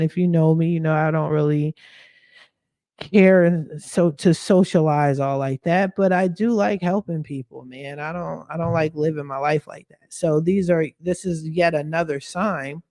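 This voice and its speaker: A woman's voice: low voice, dry recording, studio quality. Slangy woman telling a story. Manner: animated, slangy, swears freely. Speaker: podcast host. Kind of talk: casual storytelling.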